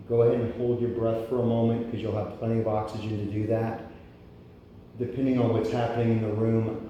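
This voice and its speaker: Male breathwork instructor, warm dark tone, steady rhythmic coaching cues, faint noise behind. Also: mid-range voice. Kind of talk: guided breathwork class. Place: workshop room with a group. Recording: echoey room from a distant mic.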